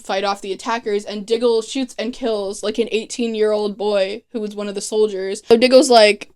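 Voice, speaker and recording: A woman's voice: mid-range voice, fairly even intonation, moderate pace, a little mellow, clear, resonant tone. A woman giving a casual, comedic recap of a TV show, full of sarcastic asides and swearing.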